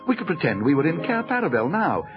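An excitable young girl, as an older-sounding male narrator puts her on, her voice pitched up and swinging widely. The audio is a touch dull, with faint music underneath. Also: fast talker. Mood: eager.

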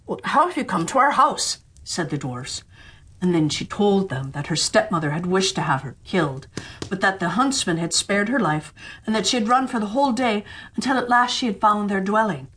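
A middle-aged woman narrating a children's fairy tale audiobook as a storyteller, expressive and acting out the voices. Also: medium pitch, moderate pace, a little hiss or hum.

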